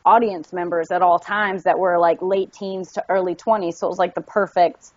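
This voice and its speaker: A woman's voice: lowish voice, normal speed, no echo. A young woman from Tennessee with a faint Southern accent, chatting as an actress guest in an interview and acting out her stories as she tells them. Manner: animated storyteller, acts out quotes. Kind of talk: casual interview chat. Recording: dull lo-fi audio.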